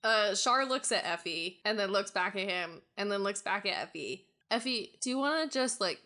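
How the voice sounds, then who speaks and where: Lively, bright-voiced woman player. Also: mid-range voice, moderate pace. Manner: animated, laughs often. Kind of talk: tabletop role-play.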